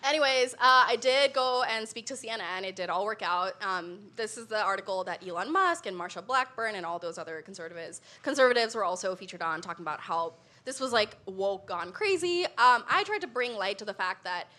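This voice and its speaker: Young woman, comedic talk to a live crowd, bright, animated delivery, laughs a lot. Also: mid-range voice, a little fast, hardly any pauses. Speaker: comedy show guest.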